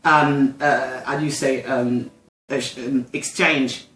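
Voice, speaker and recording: A woman's voice: extremely low pitch, fairly even intonation, takes it slowly, fairly bright tone, a little hiss or hum. French woman chatting, keeps stopping to find words, echoey room. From France. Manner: hesitant, searching for words, many restarts. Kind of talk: casual discussion.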